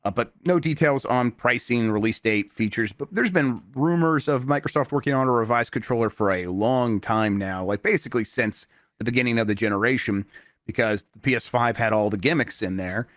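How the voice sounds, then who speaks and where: Male podcast host, relaxed delivery, dry close sound. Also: mid-range voice, a little fast, no room sound. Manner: relaxed, laughs often, many fillers. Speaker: podcast host reading news. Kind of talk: casual panel chat.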